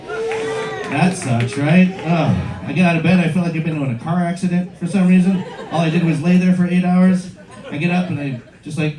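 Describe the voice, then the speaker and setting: A man's voice: a little high, very animated, moderate pace, recorded from a distance, crowd noise. A middle-aged man from Michigan doing a loose, profane, self-mocking stand-up comedy set on a club stage into a handheld mic. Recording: roomy club sound from afar, audience laughter.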